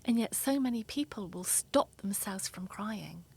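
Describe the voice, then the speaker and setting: Breathy husky lady therapist, soft earnest explaining in an interview. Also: mid-range voice, lively intonation, unhurried. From England. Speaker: therapist guest.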